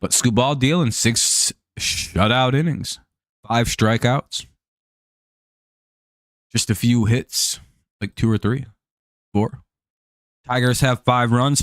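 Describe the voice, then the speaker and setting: A man's voice: medium pitch, no echo. A man hosting a live stream, chatting casually over a baseball game, laid-back and joking, with casual swearing.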